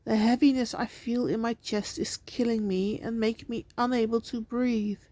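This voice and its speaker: A woman hosting a channel, narrating a scripted scary story in a slow, deliberate reading voice. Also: a little high, steady tone, mellow, no room sound. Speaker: channel host and story reader.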